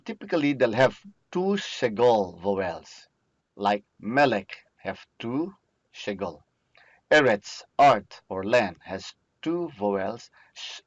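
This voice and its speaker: Slow-spoken male grammar teacher. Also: mid-range voice, no echo, highs cut off. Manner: repetitive, checks in with "okay?". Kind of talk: recorded grammar lecture.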